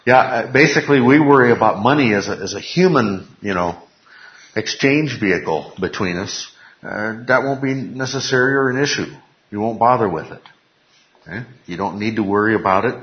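Male Bible teacher, low-ish voice, emphatic and repetitive, echoey lo-fi room sound. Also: lively intonation, moderate pace. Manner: emphatic, repeats key phrases, asks the class questions.

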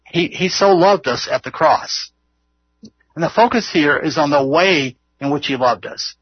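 A man leads an informal Bible study, earnest and rambling, chuckling at his own failings as he talks. His voice is somewhat husky and sits a little high. The recording is dry and slightly dull. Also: unhurried, dry recording. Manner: earnest, rambling, laughs often. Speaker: Bible teacher.

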